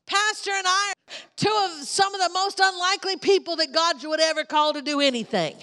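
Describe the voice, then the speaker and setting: A woman's voice: extremely high pitch, fairly quick, bright, forceful tone. A woman preaches to a congregation, driving her points home by repeating key lines. Her voice carries a long reverb from a large church hall. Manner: emphatic, repeats lines for effect. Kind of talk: sermon.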